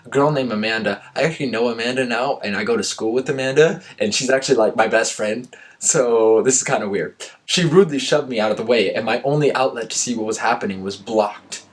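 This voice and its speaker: A man's voice: medium pitch, fairly quick. A young man with an ordinary mid-range voice reads his old story aloud. He keeps stopping to poke fun at his own writing in a dry, sarcastic tone. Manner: self-mocking, sarcastic asides. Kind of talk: reading aloud with joking commentary.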